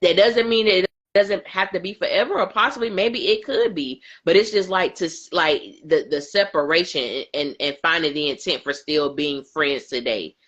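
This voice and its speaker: A woman co-hosting a casual aftershow chat, animated and emphatic, who often laughs mid-sentence. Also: fairly low pitch, normal speed, hardly any pauses, lo-fi sound. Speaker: co-host.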